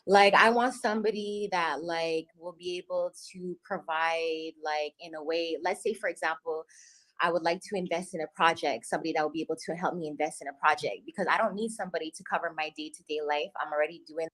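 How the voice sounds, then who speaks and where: Low-voiced woman, hesitant. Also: steady tone, a little fast, a bit bright, rough recording. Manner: hesitant, fills with "like". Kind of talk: casual conversation.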